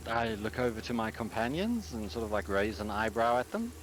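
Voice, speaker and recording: A man's voice: fairly low pitch, sing-song, a little fast, slight background noise. A man as a player at a tabletop game, talking in a plain, matter-of-fact way. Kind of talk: casual tabletop play.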